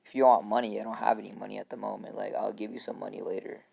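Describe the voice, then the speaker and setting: An easygoing young male ninja talks in a rambling, apologetic way, as a man acts him out. The voice is low with a gravelly rasp. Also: level tone, rapid-fire, dark tone.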